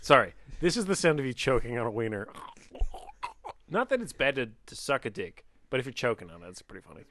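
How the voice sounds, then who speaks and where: A man's voice: mid-range voice, big pitch swings, fast, a bit bright, slight background noise. A man co-hosting a podcast in casual chat, crude and joking, often laughing. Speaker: podcast co-host.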